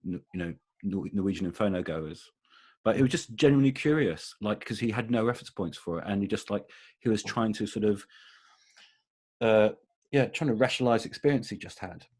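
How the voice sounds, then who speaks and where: A man's voice: on the low side, lively intonation, fairly quick, darkish tone, slightly rough. A man co-hosting a music podcast over a video call, chatting casually about bands and trailing off into fillers and restarts. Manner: rambling, many fillers and restarts. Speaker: podcast co-host, music journalist.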